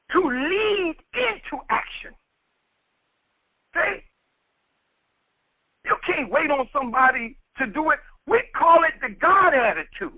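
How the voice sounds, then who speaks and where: A man's voice: extremely high pitch, bright, forceful tone, no room sound, rough recording. A man preaching a sermon with an emphatic, repetitive cadence. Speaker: minister.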